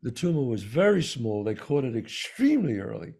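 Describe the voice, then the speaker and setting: A man with a New York accent, co-hosting a talk show and telling a personal story in an animated way, acting out the voices of the people in it. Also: medium pitch, brisk, gravelly, husky. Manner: animated storyteller, acts out quoted dialogue. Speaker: podcast co-host. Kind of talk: storytelling in casual conversation.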